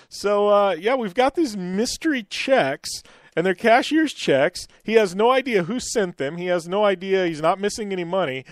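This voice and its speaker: A man's voice: high voice, expressive, normal speed, dry recording. Chatty male radio host, dry sound. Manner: rambling, many fillers and restarts. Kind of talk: casual radio chat and storytelling.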